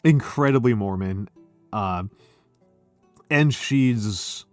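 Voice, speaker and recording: A man's voice: on the low side, very slow, dry recording, soft background music. A man, chatting casually and sardonically on a stream, swearing freely and often laughing. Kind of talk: casual chat.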